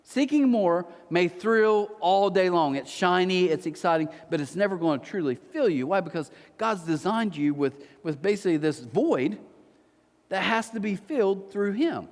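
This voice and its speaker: Male pastor, lively swooping delivery, slightly high voice, reverberant church hall. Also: moderate pace. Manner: animated storytelling with playful asides. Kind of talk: sermon. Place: church auditorium.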